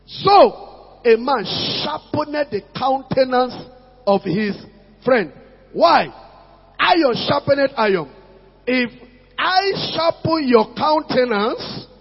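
A man preaching to his church in a strikingly high, breathy voice, pushing points home with call-outs to the congregation. The sound is dull and lo-fi, with a long hall reverb and faint music underneath. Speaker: pastor. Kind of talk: sermon. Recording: muffled lo-fi recording in a reverberant hall.

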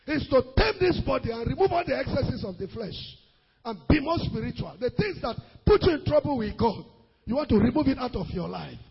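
A man preaching a sermon as pastor, rising into sung and shouted emphasis. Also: very high voice, sing-song, brisk, gravelly, in a large hall, dull audio, slight background noise.

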